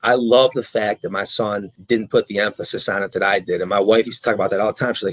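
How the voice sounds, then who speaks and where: Man, middle-aged, low pitch, earnest, rambling, dry close sound. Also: fairly even intonation, fast talker, hardly any pauses, no echo, low-quality recording. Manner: earnest, rambling, repeats words when restarting. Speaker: guest, car dealership owner. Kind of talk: casual interview talk.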